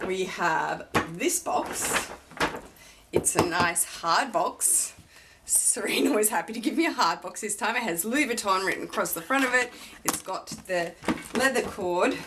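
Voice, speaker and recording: A woman talks slowly and unhurriedly through a handbag unboxing. She gushes over each detail in an effusive, delighted way. Her voice sits at a mid pitch. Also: lively intonation, background noise. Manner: gushing, effusive. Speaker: vlogger.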